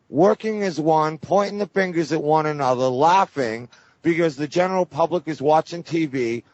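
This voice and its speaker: A man calling in to a radio talk show, sarcastic and rattling off lists quickly. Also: on the high side, darkish tone, no echo. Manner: sarcastic, rapid-fire listing. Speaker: caller. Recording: muffled dry radio audio.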